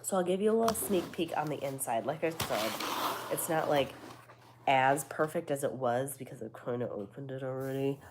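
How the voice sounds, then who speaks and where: Low nasal woman chatting away, kinda hoarse, swears a lot, lots of um and like. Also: animated, moderate pace, noisy background. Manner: chatty, swears casually, many fillers. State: losing her voice. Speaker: vlogger. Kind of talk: casual chat to a live audience.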